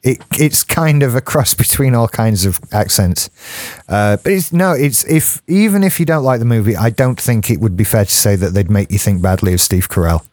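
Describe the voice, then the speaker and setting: A man, co-hosting a casual movie news podcast, chatty and quick to laugh. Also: fairly low pitch, expressive, a little mellow, no echo. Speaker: podcast co-host. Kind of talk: casual chat.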